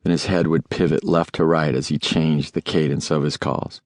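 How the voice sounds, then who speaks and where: A man reading a memoir aloud as an audiobook narrator, in a measured, deliberate way. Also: rumbling low, level tone, darkish tone, no echo, studio quality.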